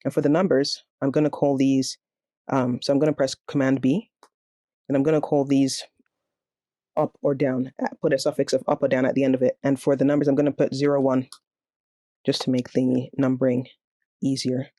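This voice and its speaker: Man, coding tutorial, step-by-step explaining, mellow warm tone, dry close sound. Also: medium pitch, flat delivery, fairly quick, no echo. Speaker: programming tutor. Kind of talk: screen-recorded coding tutorial.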